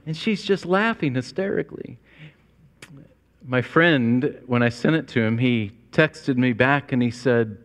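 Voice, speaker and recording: A man's voice: on the high side, animated, moderate pace. A man preaching a sermon to his congregation, earnest and storytelling, with a long church reverb. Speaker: pastor. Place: church sanctuary.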